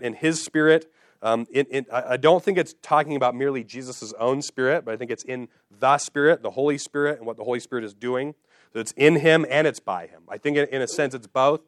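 Male preacher, earnest teaching tone, repeats key lines, mid pitch, dry close sound. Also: no room sound. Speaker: pastor. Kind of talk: sermon.

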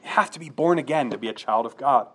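A man's voice: mid-range voice, quick pace, a bit bright. A man preaching a sermon to his congregation, earnest and direct, often checking in with rhetorical questions. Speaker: pastor.

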